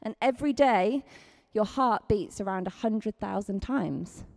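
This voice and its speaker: A woman with a Scottish accent preaching a chatty, lively sermon, acting out quotes with big leaps in pitch. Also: a little slow, gravelly.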